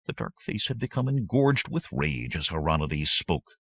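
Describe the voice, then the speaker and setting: A man's voice: sits low, sing-song, moderate pace, gravelly, a bit bright, slightly rough, no room sound. A man narrating an adventure audiobook in a dramatic, vivid manner. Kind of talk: scripted narration.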